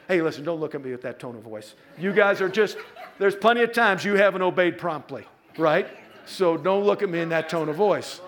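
A man's voice: high voice, fairly bright tone. A middle-aged man pastor preaching a sermon, telling a personal story with playful asides to his congregation. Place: church.

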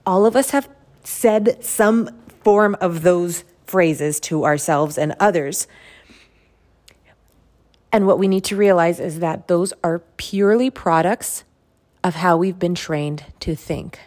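Woman, lower-pitched, solo motivational podcast host; earnest, emphatic delivery that hammers points through repetition. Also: slow pace, darkish tone. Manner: earnest, emphatic, repeats phrases for stress. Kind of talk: motivational self-help monologue.

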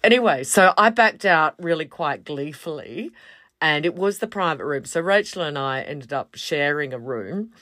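Lively woman telling a story. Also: low voice, moderate pace, no echo, clean studio sound. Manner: animated, acts out quotes in other voices. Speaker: podcast host. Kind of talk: casual storytelling.

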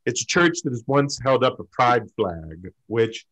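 Man, open mic storyteller, hesitant, halting fillers, deadpan punchlines. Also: mid-range voice. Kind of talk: comic storytelling.

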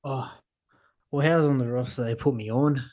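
A young man with an Australian accent co-hosts a podcast, blunt and dry in his humor and quick to swear. His voice sits at an ordinary pitch. It is recorded close and dry. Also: steady tone, dark tone, no room sound. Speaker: podcast co-host. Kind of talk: casual chat.

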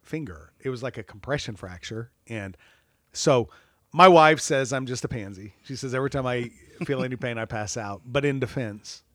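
A man telling a self-deprecating story in casual chat, animated and laughing often. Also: mid-range voice, moderate pace, no room sound, clean studio sound. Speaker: church staff guest.

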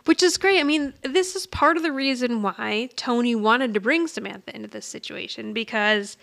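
A woman's voice: a little high, moderate pace, vocal fry, a bit bright. A woman co-hosting a podcast, casually retelling a sitcom episode and quoting its characters with frequent laughs. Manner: chatty storyteller, quotes characters, laughs often. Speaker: podcast co-host.

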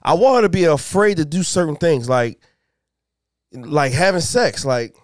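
Philly guy on a podcast, lively up-and-down voice, dry close sound, cussing and storytelling. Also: moderate pace, dry recording. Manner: animated, swearing, voice jumps high in quoted outbursts. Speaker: podcast co-host. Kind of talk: casual chat, storytelling.

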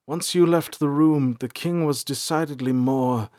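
Man doing a weary male ranger, subdued, halting, dry close sound. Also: a little high, darkish tone, dry recording, pitched above the performer's own voice, lightly acted. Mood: shaken.

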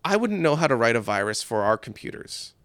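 A man's voice: mid-range voice, big pitch swings, a little fast, a bit bright, no echo. A man co-hosting a podcast, chatting casually about a film in a joking, rambling way, with asides along the way. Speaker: podcast co-host. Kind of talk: casual chat recapping a film.

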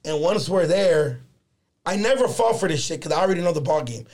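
A man's voice: on the high side, brisk. A young man telling a story in a casual podcast chat, swearing freely and slipping in Spanish slang. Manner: profane, animated storyteller, slips in Spanish slang.

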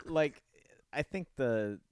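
A man hosting a podcast in casual chat, animated and swearing, jumping into high squeaky voices to mimic people. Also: no echo. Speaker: podcast host.

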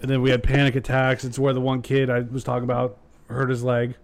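A man talks as a podcast guest about his firefighter paramedic calls. He sounds relaxed and curses freely, mixing short reactions with his own stories. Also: medium pitch, brisk, creaky, noisy background. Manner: relaxed, profane, brief reactions. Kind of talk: casual chat.

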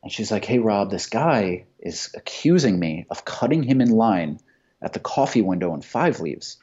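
A man's voice: on the low side, sing-song, moderate pace, dark tone, slightly rough. A man telling profane, heated stories in casual chat. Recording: dull lo-fi sound.

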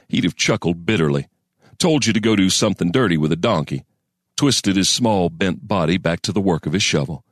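A man narrating a western story in a folksy storyteller cadence with deliberate pauses. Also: sits low, expressive, dry recording, clean studio sound. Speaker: audiobook narrator.

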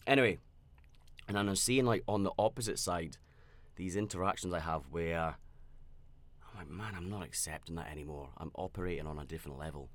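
A podcast host with a low-pitched voice talks fairly quickly as he tells a personal story. His telling rambles with restarts and fillers, and it feels candid, reflective, and self-aware.

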